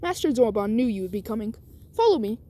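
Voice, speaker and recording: A woman voicing a courteous, fussy robot servant who speaks calmly and reassuringly. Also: on the high side, fast talker. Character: polite fussy robot servant, calm and tidy.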